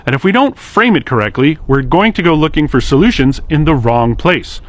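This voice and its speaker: Lively-voiced man hosting a video series. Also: on the high side, a little fast. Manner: direct, earnest, lightly sarcastic address. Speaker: host of a social media series. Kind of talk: scripted explainer monologue to camera.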